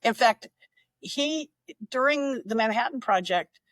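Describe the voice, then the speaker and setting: A podcast guest presenting a history segment, telling stories in an animated way and chuckling often. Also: medium pitch, unhurried, no echo. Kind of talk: casual storytelling chat.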